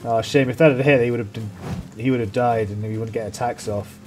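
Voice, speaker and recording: A man commentating his own strategy gameplay, swearing freely and getting loud when the fight turns. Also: mid-range voice, fairly quick. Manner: excitable, swears a lot, mocks enemies. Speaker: let's play host.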